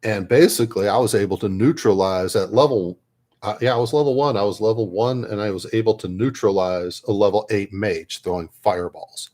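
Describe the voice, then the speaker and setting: A man's voice: on the low side, fairly quick, darkish tone. A man telling a rambling, self-interrupting tabletop gaming story in a casual way while painting at his hobby desk. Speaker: miniature painter and tabletop gamer.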